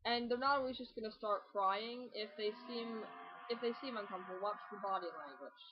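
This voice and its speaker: Una joven que da consejos de cosplay en tono informal, charlatana y bromista, con divagaciones. Su voz tiene un tono medio. La grabación suena apagada, como de una webcam casera. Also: female voice, medium pitch, a little fast, muffled recording, background noise. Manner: chatty, joking, rambling asides. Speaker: cosplay vlogger. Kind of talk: casual tutorial talk.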